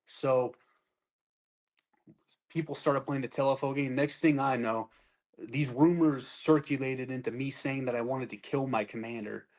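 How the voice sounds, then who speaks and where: A man's voice: medium pitch, fairly even intonation, a little slow, darkish tone. A man in his twenties, an army sergeant, telling his story casually and bluntly, with plenty of swearing and acted-out lines from others. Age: 20s. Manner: blunt and profane, acts out other people's lines.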